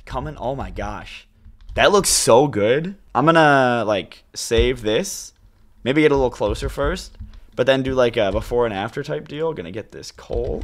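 A young man giving casual, excitable let's-play commentary to his viewers as he plays. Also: mid-range voice. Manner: chatty, excitable, talks to viewers as "you guys". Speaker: gaming YouTuber.

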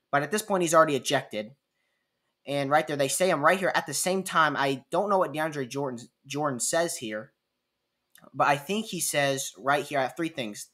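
A man's voice: fairly high pitch, fairly bright tone. A man casually commentating over basketball game clips, chatty and repeating himself as he walks through replays. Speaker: sports commentator.

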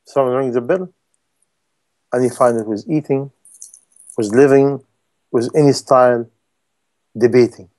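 A man's voice: mid-range voice, unhurried, pauses often, darkish tone. Man preaching in broken English. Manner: broken English, acts out quoted people. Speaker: Islamic preacher. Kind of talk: sermon.

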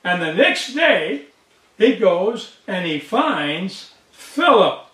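A high-voiced male pastor delivers an emphatic sermon, slowing down and repeating his key lines for weight. His speech is unhurried and deliberate. He sounds a little distant in a roomy, echoing church. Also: sing-song, sharp tone. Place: church sanctuary.

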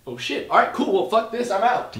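Brief: young male comedy YouTuber, high bright voice, sarcastic and excitable, roomy echo. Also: a little fast. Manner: sarcastic, excitable, swears often, jumps to shouting. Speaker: music producer and comedy YouTuber. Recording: roomy echo with faint music.

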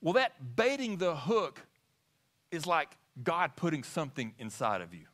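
A man preaching to his congregation, keeping them involved with question after question. His voice sits high and bright, and it rises and falls widely as he goes. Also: sing-song, a little slow. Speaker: pastor. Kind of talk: sermon. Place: church sanctuary.

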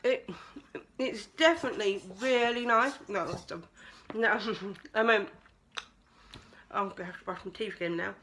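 A woman's voice: on the high side, normal speed, pauses often, a bit bright, slight background noise. A woman vlogging casually at home, chatting with her mouth full as she tries sweets. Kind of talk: casual taste-test vlog.

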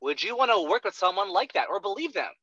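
A man's voice: high-pitched, sing-song, fast, sharp tone, a little hiss or hum. A young man coaching a trainee in sales, talking bluntly with lots of swearing and a constant "right?", on a dull lo-fi recording. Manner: profane, emphatic, keeps asking "right?". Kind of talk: blunt one-on-one coaching talk.

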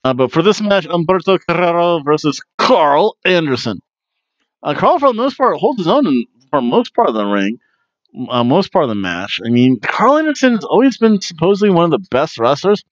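A man's voice: a little high, very animated, moderate pace, no echo, dull audio. Man rambling through a wrestling recap. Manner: rambling and jokey, with many fillers and restarts. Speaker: podcast host reviewing wrestling. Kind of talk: casual wrestling review monologue.

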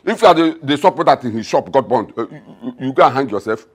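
A man's voice: medium pitch, animated, fast talker, husky. An actor with a Nigerian accent playing a middle-aged father in a film drama who mocks and blusters. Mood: mocking. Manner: mocking, blustering. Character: scornful older father demanding his food. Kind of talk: Nollywood film acting.

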